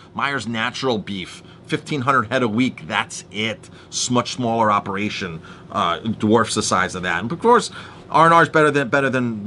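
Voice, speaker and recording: A man with a mid-range voice tells a heated story as a casual monologue over slight background noise. He restarts often and animatedly acts out the people he argued with, quoting their exchanges.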